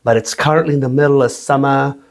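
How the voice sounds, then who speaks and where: A man's voice: medium pitch, fairly even intonation, quick pace. A man hosting a casual whisky review from his small home studio, joking and swearing as he rambles, sweaty in the summer heat.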